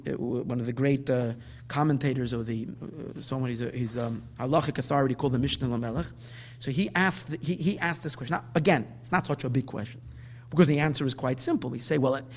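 A man teaching a Talmudic lecture, explaining the text and drawing out the Hebrew quotes slowly. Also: a little high, fairly bright tone. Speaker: Torah teacher.

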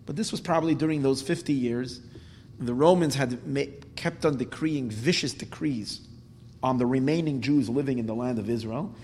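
A man's voice: mid-range voice, moderate pace, slight background noise. A man telling a Talmud story as a Torah class, quoting Hebrew lines and then explaining them in English. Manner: retells with Hebrew quotes, animated rises when emphatic. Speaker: Torah teacher. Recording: long hall reverb.

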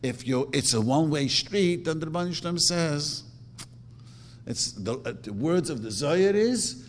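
A man's voice: fairly high pitch, animated, moderate pace. A middle-aged man teaching a religious lesson as a rabbi, animatedly acting out quoted prayers. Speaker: rabbi teaching a Torah class. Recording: reverberant hall with faint hum.

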